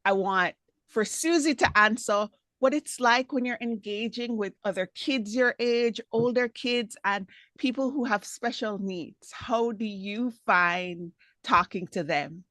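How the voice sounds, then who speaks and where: A woman moderating a club Q&A on a video call, asking questions in a brisk, direct way. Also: mid-range voice, a bit bright, dry recording.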